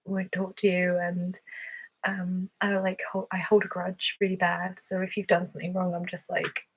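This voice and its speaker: Chatty, breathy Englishwoman with a southern English accent. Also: lowish voice, completely flat delivery, moderate pace, poor audio. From England. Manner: chatty and giggly, lots of fillers. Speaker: ASMR creator hosting a livestream. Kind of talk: casual chat reading viewer questions.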